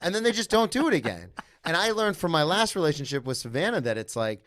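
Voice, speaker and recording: A man in his thirties co-hosting a podcast in casual chat, animated and acting out quoted yelling. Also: fairly high pitch, fast talker. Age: 30s. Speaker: podcast co-host.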